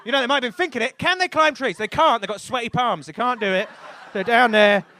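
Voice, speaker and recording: High bright-voiced young stand-up comic. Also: male voice, quick pace, a little hiss or hum. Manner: rambling, animated, bursts into loud shouts. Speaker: stand-up comedian. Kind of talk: stand-up routine. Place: comedy club stage.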